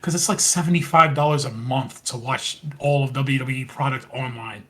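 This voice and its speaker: A man's voice: mid-range voice, normal speed, sharp tone. A man co-hosting a podcast, chatting casually and retelling scenes at a rambling pace with quoted lines. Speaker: podcast co-host. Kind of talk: casual wrestling recap chat.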